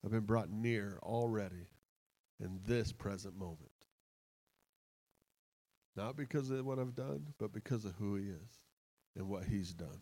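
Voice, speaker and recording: A man preaching a sermon in a church, impassioned and excitable, laughing as he goes. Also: on the low side, unhurried, pauses often, rough recording. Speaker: pastor.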